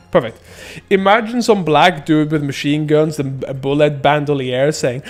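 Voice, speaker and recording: A man's voice: fairly high pitch, brisk. A young man doing casual gameplay commentary, rambling and joking as he reads chat. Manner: joking, rambling, laughs often, silly sound effects. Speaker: streamer. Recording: faint music behind.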